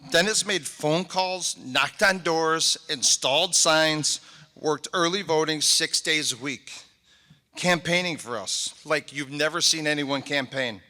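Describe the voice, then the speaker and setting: Speaking in a slightly high, bright voice with a forceful tone, a middle-aged man delivers his mayoral inauguration address. It's emotional and sincere, with individual thanks to many people, recorded amid the echo of a big convention hall.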